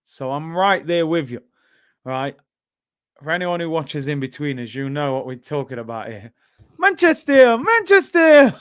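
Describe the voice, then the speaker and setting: A young man hosting a live football watchalong, bantering with chat and reacting loudly to the game. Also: fairly high pitch, no echo, clean studio sound. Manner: banter-heavy, erupts into shouting at goals. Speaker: watchalong host.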